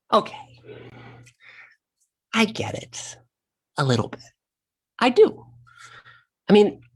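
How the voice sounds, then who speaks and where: A man's voice: high voice, a bit bright, heavily acted. A man in a one-man stage monologue streamed online, playing a sassy, vain, profane trapped insect who talks straight to the audience. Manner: sassy, brash, addresses the audience directly.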